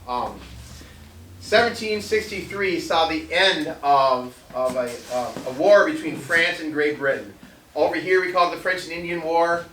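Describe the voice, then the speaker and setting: A man's voice: a little high, unhurried, a bit bright, a little hiss or hum. A man giving a casual history lecture to a live audience, rambling with many ums and restarts and jokey asides. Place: veterans center hall. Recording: echoey hall, voice from far off.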